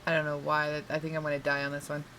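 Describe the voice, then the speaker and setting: A woman's voice: deep voice, monotone, fast talker, a bit bright, a little hiss or hum, low-quality recording. A woman vlogging casually while she plays a game, rambling and laughing often. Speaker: gaming vlogger. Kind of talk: casual chat while playing. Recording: faint game music behind.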